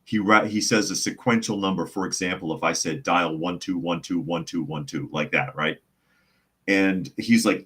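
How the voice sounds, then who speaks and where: A man's voice: deep voice, normal speed, a bit bright, husky. A man hosting a live podcast, chatting casually, reading viewer comments aloud and telling long, rambling stories in which he acts out the other people's voices. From United States. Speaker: podcast host.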